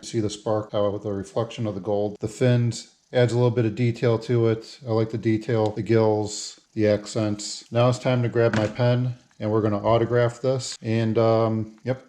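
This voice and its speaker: A man's voice: lowish voice, level tone, normal speed, dark tone. A man narrating a casual how-to video, talking through each step as he works. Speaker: hobby lure painter.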